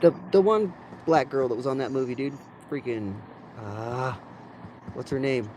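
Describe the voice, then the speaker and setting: A man's voice: medium pitch, unhurried, noisy background. A man in a casual livestream chat, talking loosely with slang like "dude". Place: livestream call.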